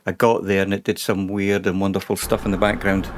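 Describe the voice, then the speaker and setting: A man's voice: low-pitched, little pitch movement, fairly quick, a little hiss or hum. A man casually commentating his own driving game stream, chatting and rambling to himself and his viewers.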